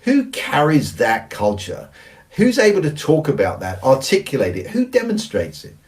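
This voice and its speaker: A man speaks in a middle-pitched voice, earnest and emphatic as he delivers a teaching talk. He drives his points home by repeating them. The mic sits a little away from him. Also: huge pitch swings, normal speed, a little mellow, far from the mic. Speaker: church leadership speaker. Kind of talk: recorded teaching presentation.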